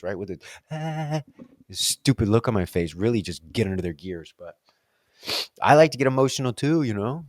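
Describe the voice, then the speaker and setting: A young adult man hosting a solo talk, musing casually and breaking into quick playful voices. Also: medium pitch, lively intonation, no room sound, studio quality. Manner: playful, acts out quick silly voices mid-thought. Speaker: solo podcast host answering reflective questions. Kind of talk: casual spoken reflection.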